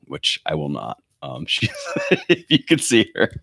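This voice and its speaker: A man's voice: very deep voice, huge pitch swings, unhurried, creaky, bright, forceful tone, no room sound, clean studio sound. A man in his thirties hosting a podcast from his bedroom, ranting sarcastically with plenty of swearing. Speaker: podcast host. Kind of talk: comedic rant. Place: bedroom at home. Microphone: webcam setup.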